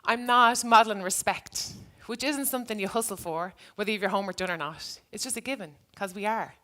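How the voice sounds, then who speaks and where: A woman's voice: mid-range voice, a little fast, sharp tone. A woman who used to be a teacher, giving a reflective talk to an audience and telling a story from her classroom. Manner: earnest, reflective. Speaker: speaker, former teacher.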